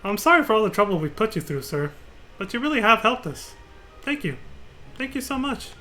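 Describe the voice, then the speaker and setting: A man's voice: sits high, very animated, brisk, pushed and bright, slight background noise, voice pushed up, full character voice. A man voicing a young woman from a video game, reading her lines in a prim, proper way. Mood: grateful. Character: young woman, a chirpy polite game character.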